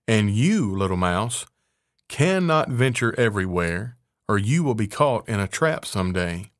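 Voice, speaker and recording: A man voicing a sly, greedy female cat who coaxes smoothly. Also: on the low side, very animated, a little slow, no echo, clean studio sound. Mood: advising.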